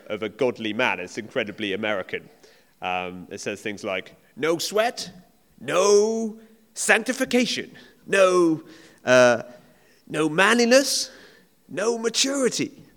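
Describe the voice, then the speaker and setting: A man's voice: medium pitch, a bit bright. Man preaching in an echoey hall. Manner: earnest, emphatic, conversational preaching with restarts. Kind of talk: sermon. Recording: long reverb of a hall.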